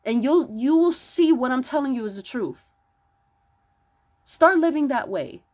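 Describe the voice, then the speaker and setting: A fairly high-voiced woman preaching about spiritual self-work with mounting intensity. She restarts her words often and builds into loud, emphatic rhetorical questions, close to yelling. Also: expressive, a little slow. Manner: stammering restarts. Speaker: spiritual vlogger. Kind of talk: impassioned spiritual monologue.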